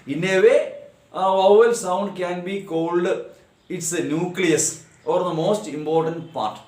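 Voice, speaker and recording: A man teaching a grammar lesson on syllables, repeating words slowly and drilling their pronunciation. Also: high voice, darkish tone, echoey room. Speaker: English teacher.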